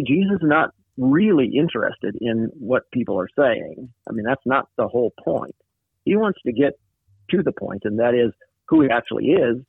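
A man's voice: medium pitch, vocal fry, slightly rough, no echo. Man explaining scripture over a tinny line. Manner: thoughtful, explanatory, with many fillers. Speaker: Bible study discussant. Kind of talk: casual Bible study discussion.

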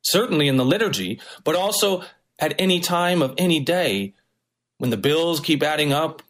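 Man, pastor, sermon, higher voice, animated pitch, emphatic delivery. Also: moderate pace. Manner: preaching with varied, emphatic intonation.

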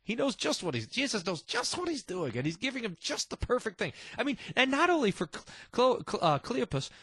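Husky, lively man teaching scripture. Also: very high voice, a little fast, no room sound. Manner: animated and delighted, chuckling asides. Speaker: Bible teacher.

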